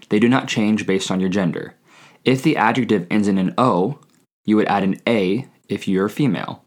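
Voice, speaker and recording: Man, very low voice, language teacher, slow clear repetition, scripted lesson. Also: darkish tone. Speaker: Spanish teacher.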